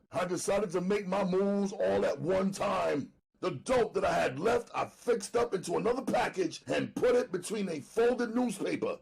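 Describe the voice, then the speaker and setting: A man narrating an audiobook dramatically, loud and emphatic, often near shouting. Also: a little high, vocal fry, breathy edge.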